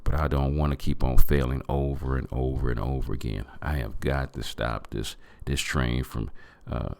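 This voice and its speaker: A man's voice: extremely low pitch, level tone, normal speed, creaky, a little mellow, dry recording. A man hosting a podcast, giving an earnest motivational talk and calling his listeners family. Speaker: podcast host.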